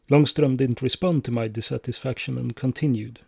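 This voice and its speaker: Male author narrating his war memoir, measured and steady, mid pitch, dry close sound. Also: vocal fry, husky, no room sound. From Sweden or Finland. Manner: steady, measured narration, swelling at key moments.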